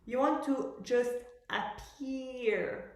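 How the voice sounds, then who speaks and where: Speaking very slowly in a high voice with a darkish tone, a woman leads a master class, working with a student and explaining at length. She often hunts for the right word, and the music school room she's in sounds very echoey.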